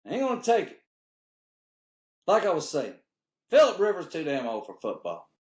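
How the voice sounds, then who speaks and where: Guy ranting comedy bits, voice jumps all over, kinda echoey room. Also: normal speed. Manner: animated, swings between high outbursts and low mutters. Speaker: comedian host. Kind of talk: comedic monologue. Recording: roomy echo.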